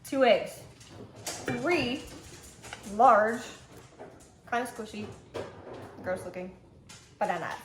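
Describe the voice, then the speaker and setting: A young woman guest on a cooking vlog, dry and matter-of-fact, with a fairly high voice. She's recorded in an echoey kitchen with a faint hiss behind her. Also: slow, long pauses. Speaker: guest co-baker. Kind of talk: casual cooking vlog chat. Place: home kitchen.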